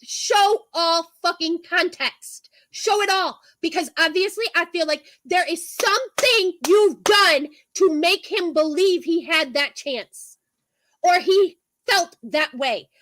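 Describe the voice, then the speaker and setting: A woman's voice: extremely high pitch, expressive, a little slow, a bit bright, no echo, rough recording. A woman on a livestream, delivering a heated, profane rant and repeating her points.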